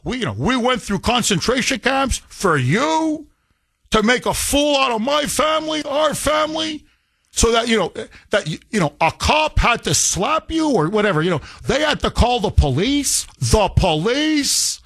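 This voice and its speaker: A man's voice: very high-pitched, very animated, unhurried, creaky, pitched above the performer's own voice, exaggerated voice. A man voicing his strict father scolding him in anger. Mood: angry. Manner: scolding, shouting. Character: angry strict immigrant father scolding son.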